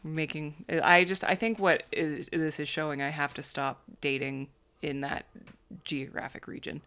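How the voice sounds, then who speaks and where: A woman's voice: sits low, flat delivery, unhurried, fairly bright tone. A woman guest on a comedy podcast, chatting casually in a rambling, laughing way.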